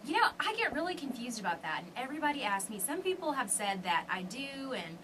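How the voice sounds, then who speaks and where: A woman's voice: high-pitched, sing-song, quick pace. A young woman with a Southern US accent from Arkansas, a ventriloquist guest speaking eagerly in a radio interview. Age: young adult. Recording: distant mic with background noise.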